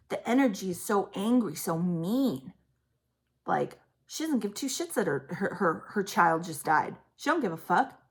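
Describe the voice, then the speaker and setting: A woman giving an intense psychic reading to camera, halting and trailing off as she speaks. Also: medium pitch. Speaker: psychic reader. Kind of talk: intuitive reading on video.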